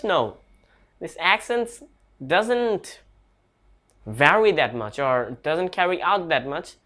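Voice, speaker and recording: A man's voice: a little high, a bit bright, smooth. A man giving a casual online English lesson, speaking hesitantly with restarts and non-native grammar. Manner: slow, hesitant talk with restarts. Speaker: English teacher.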